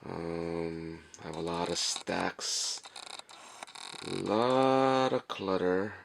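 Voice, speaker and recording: A young man speaking quietly and in a monotone, with many fillers, as he shows his toy collection in a messy room late at night. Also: sits low, extremely slow, gravelly, slight background noise. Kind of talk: casual walkthrough vlog.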